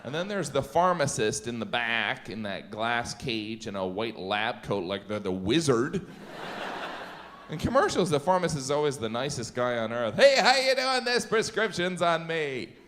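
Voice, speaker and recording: Deadpan, self-deprecating middle-aged man. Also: medium pitch, moderate pace, a little hiss or hum. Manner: deadpan, self-deprecating, dips into character voices. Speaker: stand-up comedian. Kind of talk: stand-up comedy set. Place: comedy theater stage. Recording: long hall reverb, loud ambience.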